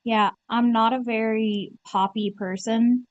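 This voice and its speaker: A woman's voice: fairly high pitch, a little slow, no room sound, highs cut off. A woman telling stories in casual chat, swearing freely and acting out what people said. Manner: animated storyteller, swears, acts out quotes.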